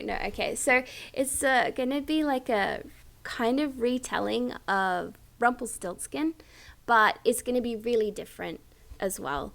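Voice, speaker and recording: A woman's voice: on the high side, unhurried, vocal fry, a bit bright. A woman cohosting a podcast, chatting in a hesitant, rambling way. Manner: hesitant, rambling, with many fillers and restarts. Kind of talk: casual podcast chat.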